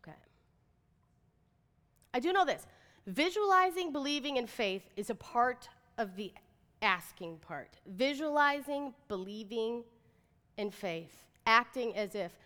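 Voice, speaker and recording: Woman, 30s, motivational speaker: chatty and animated, bright tone, recorded live in a reverberant hall. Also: mid-range voice, a little slow, long pauses. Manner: chatty, animated, says "like" and "right?" often. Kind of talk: inspirational talk to an audience.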